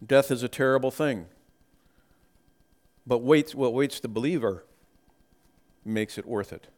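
A man preaching a sermon, talking slowly and deliberately and rising into emphatic bursts. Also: medium pitch, darkish tone. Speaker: pastor.

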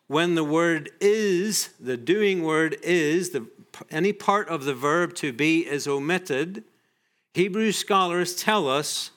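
A man preaching a sermon in a measured way, often letting his voice drop softly at the ends of phrases. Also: on the high side. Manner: slow, measured, drops soft at phrase ends.

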